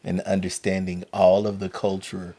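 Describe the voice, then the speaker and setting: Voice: low voice, monotone, normal speed, vocal fry, mellow. A podcast host asking questions and giving short encouraging responses. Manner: brief encouraging backchannels. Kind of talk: interview questions.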